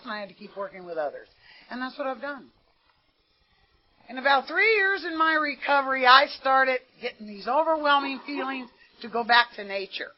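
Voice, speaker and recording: An American woman giving an earnest, conversational recovery testimony at a meeting, often saying "you know". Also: fairly high pitch. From United States. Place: meeting room. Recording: dull lo-fi meeting tape.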